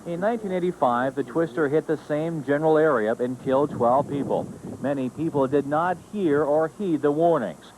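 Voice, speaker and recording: A male news reporter and show host reading a scripted news report in a measured, formal way. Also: a little high, background noise.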